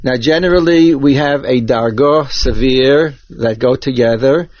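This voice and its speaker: A man teaches Torah cantillation in a careful, step-by-step way, taking his time over each point. His voice sits at a middle pitch. The recording is dull and lo-fi, and dry with no room sound. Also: darkish tone, dry recording. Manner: slow, methodical, careful step-by-step explaining. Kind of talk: instructional explanation with chanted examples.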